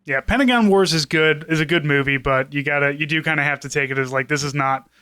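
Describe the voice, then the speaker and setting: A man's voice: fairly high pitch, fast, sharp tone, clear, resonant tone, no echo. Sarcastic, joking man on a podcast. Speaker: podcast co-host. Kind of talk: casual chat.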